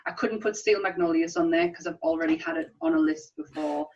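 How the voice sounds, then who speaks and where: A woman's voice: fairly low pitch, very animated, a little fast, creaky, darkish tone. A woman, co-hosting a casual film chat, talking enthusiastically and laughing often. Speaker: podcast co-host. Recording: slightly distant, dull sound.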